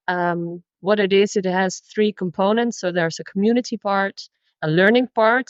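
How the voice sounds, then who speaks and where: A woman's voice: lowish voice, dry recording. Woman, Dutch accent, chatty explaining teacher, dry slightly muffled call audio. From Netherlands. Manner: chatty and explanatory, with frequent restarts. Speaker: language teacher guest. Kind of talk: podcast interview.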